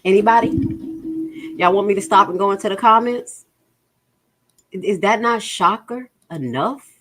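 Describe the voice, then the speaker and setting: A woman hosting a relaxed livestream speaks at normal speed in a mid-range, fairly bright voice. She's blunt and exasperated as she goes over the budget numbers, and she reads viewer comments aloud.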